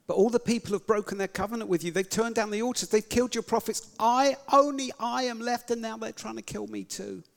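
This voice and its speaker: A man's voice: high-pitched, steady tone, fairly quick, creaky, few pauses, pitched above the performer's own voice. A man voicing a weary prophet pleading. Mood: aggrieved.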